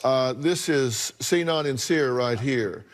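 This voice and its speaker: A man's voice: medium pitch, takes it slowly. Wry, probing male talk show host. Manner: wry, probing, teasing questions.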